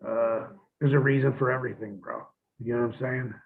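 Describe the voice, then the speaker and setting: A man's voice: mid-range voice, fairly even intonation, a little fast, creaky. A man, a former pro wrestler, telling blunt, profane stories in a shoot interview and acting out old arguments. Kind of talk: shoot interview, casual storytelling. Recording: tinny phone-line audio.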